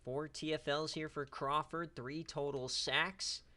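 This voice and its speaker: Excitable man calling sim games on stream. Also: fairly high pitch, unhurried. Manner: excitable, trash-talking, casual slang. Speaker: online dynasty league streamer. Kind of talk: live-stream sports commentary.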